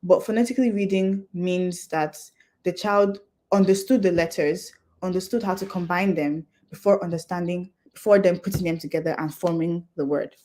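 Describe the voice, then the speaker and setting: A woman's voice: lowish voice, steady tone, normal speed, warm tone, a little hiss or hum. A young adult woman speaking at a conference, explaining step by step in an earnest, practical way. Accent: non-Nigerian English accent. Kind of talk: talk to an audience.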